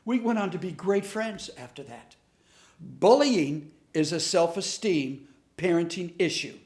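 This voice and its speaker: A man's voice: on the high side, a little slow, reverberant. A middle-aged man teaching a lesson on bullying through stories, acting out the dialogue as he tells them. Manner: animated storyteller acting out dialogue. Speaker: comedian teaching a class on bullying. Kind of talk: storytelling lesson.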